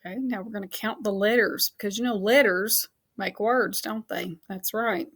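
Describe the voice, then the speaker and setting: A woman teacher giving a recorded phonics lesson for children, patient and encouraging, spelling and counting out slowly and laughing off her own slips. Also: medium pitch, steady tone.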